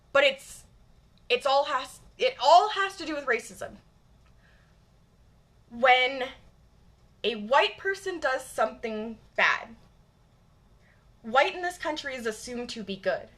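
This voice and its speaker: Bright-voiced woman with a Michigan accent. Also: a little high. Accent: general Michigan. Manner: blunt, emphatic, swears freely. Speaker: streamer. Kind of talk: casual chat with viewers.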